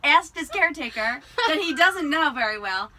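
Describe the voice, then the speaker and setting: A woman co-hosting a casual farm podcast, chatty and quick to laugh while telling stories. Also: high-pitched, expressive, bright, forceful tone, slight background noise, poor audio. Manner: chatty, laughs often, storytelling. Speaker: podcast co-host, alpaca farmer. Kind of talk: casual chat.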